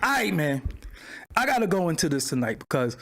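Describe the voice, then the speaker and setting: A man hosting a livestream in casual talk, loud and animated, swinging between excited exclaiming and low muttering. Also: brisk. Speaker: livestream host. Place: home studio at his screen.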